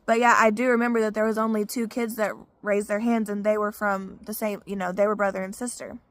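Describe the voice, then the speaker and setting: This woman from Arkansas speaks a little fast in a mid-range voice with flat delivery, and there's no echo. As a vlogger she shares a personal testimony casually and frankly, swearing and using plenty of "you know" fillers.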